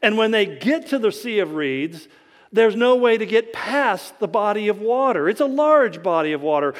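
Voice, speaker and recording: A man delivers a sermon in a high, bright-edged voice, telling stories with humor and dramatic quoted lines. The sound rings with long reverb, as in a large hall. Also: expressive, normal speed. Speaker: pastor.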